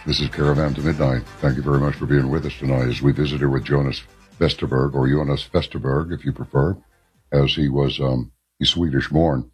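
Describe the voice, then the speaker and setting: A man's voice: extremely low pitch, steady tone, fairly quick, darkish tone, breathy edge, soft background music. A man hosting a late-night talk radio show, asking long rambling questions with folksy asides.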